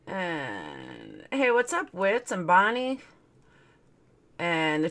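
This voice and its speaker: Hosting her own livestream, a woman greets chat viewers one by one by name, chatting, joking and laughing at herself. Her fairly low, slightly bright voice swings hugely in pitch, and she draws out her words.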